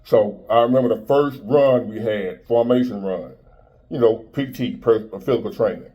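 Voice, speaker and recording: A man's voice: on the low side, normal speed, highs cut off. A man in his fifties giving a blunt, preachy motivational monologue in street-style talk. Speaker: motivational speaker.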